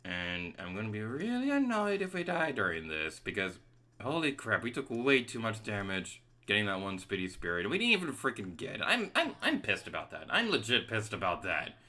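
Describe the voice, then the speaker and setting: Excitable male gamer, bright animated voice. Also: on the low side, brisk. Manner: excitable, venting frustration at the game. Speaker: let's play gamer. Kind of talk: gameplay commentary.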